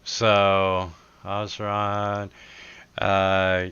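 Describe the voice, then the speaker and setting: A man narrating as game master in a very slow, halting delivery full of fillers. His voice is bright and smooth. The recording sounds dull and lo-fi. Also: deep voice, completely flat delivery. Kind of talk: running a tabletop game online.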